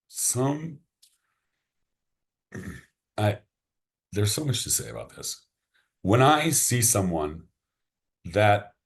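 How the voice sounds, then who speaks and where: A man, a podcast guest, chatting casually and enthusiastically, often restarting his sentences. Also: on the low side. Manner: enthusiastic, rambling, repeats words when starting sentences.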